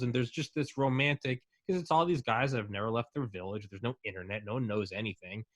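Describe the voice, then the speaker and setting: A man in casual chat, talking excitedly and rambling with lots of fillers. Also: mid-range voice, quick pace, few pauses, no room sound.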